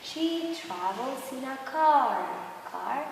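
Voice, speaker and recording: A woman teacher reading a story aloud to a class, slow and animated, with sound cues. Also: high voice, vocal fry, heavy background noise. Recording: echoey classroom with long reverb.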